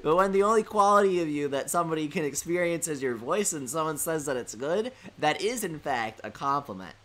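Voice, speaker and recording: A young man hosts a live stream from home, reading viewer comments aloud and firing back sarcastic, animated jokes. His voice is on the high side and fairly quick.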